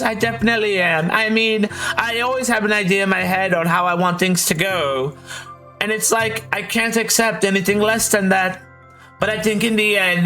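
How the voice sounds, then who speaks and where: Brief: poised teen club president, soft falsetto girl voice, bright tone, played by a man. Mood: earnest.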